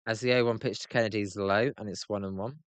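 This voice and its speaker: A man's voice: lowish voice, steady tone, fast talker, no room sound. British man grumbling through play-by-play. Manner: chatty, answers chat by name, grumbling. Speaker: live-stream host. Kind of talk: casual live play-by-play reaction.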